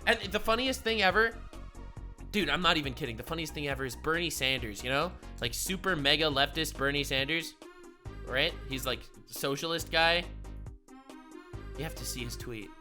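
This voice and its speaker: A man giving comedic reaction commentary as a streamer, excitable and swearing, swinging from loud outbursts to low mutters. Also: moderate pace, soft background music.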